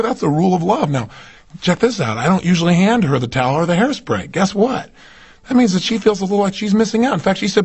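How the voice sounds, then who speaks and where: A man's voice: high-pitched, creaky, husky. A man giving an emphatic motivational seminar talk, often putting rhetorical questions to his audience. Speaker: motivational speaker.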